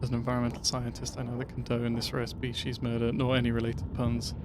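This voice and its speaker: A man streaming a video game from his flat, making puns and chatting with viewers. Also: medium pitch, fast talker, noisy background. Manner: jokey, punning, chatty with viewers. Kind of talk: live gameplay commentary. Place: home flat. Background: music.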